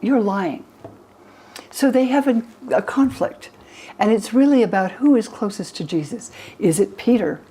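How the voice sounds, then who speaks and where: Older woman scholar, mellow and lively. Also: normal speed, hardly any pauses, breathy edge, low-quality recording. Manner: lively, acts out the quoted speakers in higher voices. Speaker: religion scholar and guest. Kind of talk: explaining to an interviewer.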